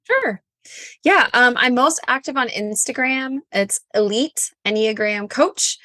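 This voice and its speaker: A woman's voice: a little high, lively intonation, unhurried, sharp tone, dry recording, studio quality. A woman in her thirties, a coach guest, chatting casually in an interview, bubbly and full of likes and ums. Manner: bubbly, chatty, says like and um often.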